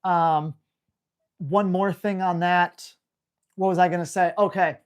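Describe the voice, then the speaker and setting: A woman dog trainer answering viewer questions on a live stream, in a brisk, slangy and blunt way. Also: on the low side, steady tone. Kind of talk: live Q&A, casual coaching.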